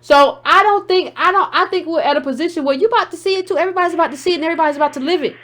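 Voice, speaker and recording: Blunt high-voiced woman host. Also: very fast, a bit bright. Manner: blunt, combative, repeats herself to hold the floor. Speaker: show host taking calls. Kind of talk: heated call-in show commentary.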